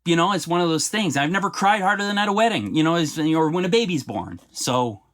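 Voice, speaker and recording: In a podcast interview, a middle-aged Canadian playwright tells his stories earnestly and from the heart, getting animated when the subject turns to laughter and tears. His voice sits a little high and he talks a little fast.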